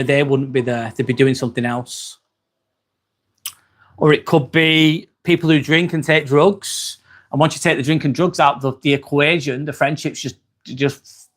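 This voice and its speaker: A man with an English accent hosting a casual live stream, chatting loosely, reading viewer comments aloud and dropping in the odd swear word. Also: a little high. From England. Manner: chatty and relaxed, with frequent ums and casual swearing. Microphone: phone.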